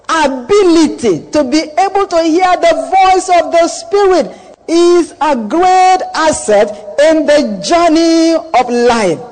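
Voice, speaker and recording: A man's voice: very high-pitched, a little mellow, long reverb tail. A man preaching a sermon, declaiming and repeating key phrases for emphasis, drawing the congregation into call and response. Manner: slow, drawn-out delivery with dramatic pauses.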